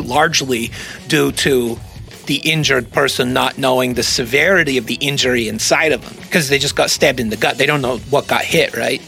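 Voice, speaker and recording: A man's voice: medium pitch, creaky, a bit bright. A man co-hosting a podcast, explaining things in casual chat and laughing often. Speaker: podcast co-host.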